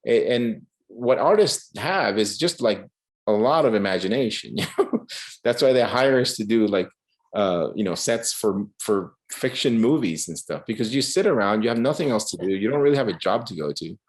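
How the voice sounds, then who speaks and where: A man giving a casual artist talk over a video call, telling animated stories full of restarts and acted-out quotes. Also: on the low side, moderate pace. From Cuba. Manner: animated, many restarts, acts out quoted voices. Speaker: guest artist.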